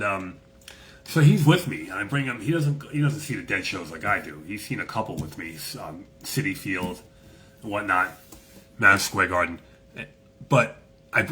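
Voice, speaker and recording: A man's voice: sits low, sharp tone. A man hosting a casual chat, telling a story in a profane, swaggering way and acting out the people in it. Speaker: host.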